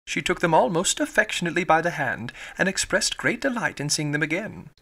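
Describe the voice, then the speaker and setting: A man narrating a classic novel as an audiobook, reading in a measured, even way. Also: on the high side, creaky.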